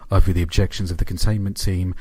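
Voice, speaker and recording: A man's voice: deep voice, flat delivery, quick pace, a little mellow, husky, no echo. A man narrating horror stories and chatting casually, with a dry, offhand delivery and some swearing. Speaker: narrator and channel host. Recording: music playing underneath.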